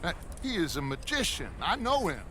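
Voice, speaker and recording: Brief: a grandiose, persuasive outlaw gang leader in a game; high-set voice. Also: male voice, big pitch swings, brisk, exaggerated voice. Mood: charming. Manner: theatrical, persuasive, smooth-talking. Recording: game audio with loud ambient noise.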